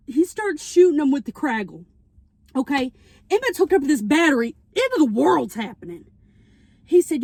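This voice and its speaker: Her voice is high-pitched and fairly quick on a dry recording as this woman vlogs from a parked car with a phone camera. Eating as she talks, she recaps a movie in casual, rambling fashion, animatedly performing the characters' lines.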